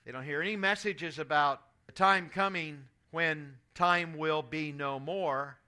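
A man's voice: on the high side, unhurried, pushed and bright, clear, resonant tone. A man in his sixties preaching a sermon, telling stories and reading scripture aloud in an earnest way. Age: 60s. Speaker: pastor.

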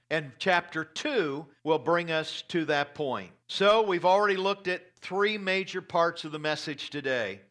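A man preaching a sermon as pastor, reading scripture aloud and stressing key lines slowly. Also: high voice, bright, forceful tone.

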